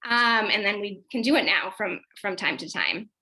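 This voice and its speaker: A woman psychologist giving a casual, animated workshop talk to parents, often checking in with her listeners. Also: mid-range voice, normal speed, low-quality recording. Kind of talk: informal workshop presentation.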